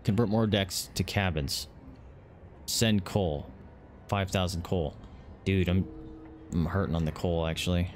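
A man's voice: deep voice, a little slow, pauses often, slight background noise. A young man commenting as he plays a strategy game, reading its text aloud and swearing. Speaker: gaming channel host. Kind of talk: let's play commentary.

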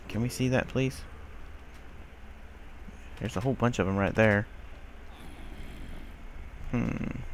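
A man with a fairly low voice offers casual let's-play commentary, with a little hiss or hum on the recording. Exasperated, he grumbles at the game he's playing, addressing and scolding its characters with some mild swearing.

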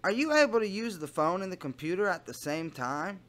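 A man playing a smarmy adult man sweet-talking online, with a slow, doting, syrupy delivery. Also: high-pitched, big pitch swings, a bit bright.

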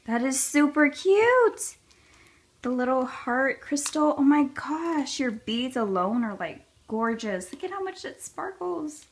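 A young woman chatting casually as she opens a package of handmade craft gifts, gushing and gasping with delight, her voice going a bit hoarse. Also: on the high side. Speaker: craft vlogger. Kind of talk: casual unboxing chat.

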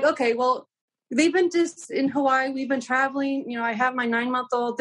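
A young woman guest telling a travel story in casual chat, acting out the dialogue with lots of "like". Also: high voice. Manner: animated, acts out quoted dialogue, many "like"s.

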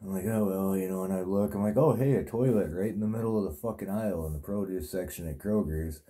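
A man's voice: low-pitched, quick pace, warm tone. A man telling a rambling, profane story in a casual monologue, with lots of fillers. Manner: crude, profane, meandering with many fillers. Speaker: vlogger telling a dream.

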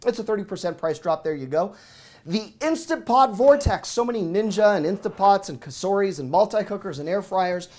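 Hyped-up guy in his 30s firing off deal prices like an auctioneer, sweating a bit. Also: high voice. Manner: excited, rapid auctioneer-like patter. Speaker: deals show host. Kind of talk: fast product deal rundown.

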